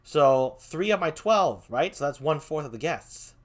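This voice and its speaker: A man's voice: a little high, lively intonation, normal speed. A man hosting a casual livestream interview, chatty and upbeat, greeting viewers as he goes. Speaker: show host.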